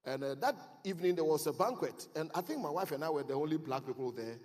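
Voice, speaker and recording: A high-pitched man in middle age speaks to a crowd as a conference speaker, leaning into stories and rising to loud, emphatic exhortation. His voice rings through a large hall with a long reverb tail. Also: animated, fast talker. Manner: storytelling, building to loud emphatic preaching. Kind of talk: motivational speech.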